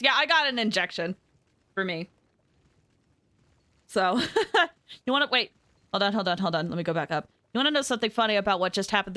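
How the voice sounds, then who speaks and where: A woman's voice: medium pitch, pushed and bright. A young adult woman streaming a game, rambling through anecdotes with lots of giggles and fillers. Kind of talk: casual live-stream chat.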